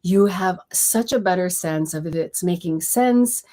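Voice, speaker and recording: A woman's voice: fairly low pitch, unhurried. A woman co-hosting a casual podcast, speaking expressively and emphatically with lots of inflection. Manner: expressive, emphatic, talks with her hands. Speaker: podcast co-host.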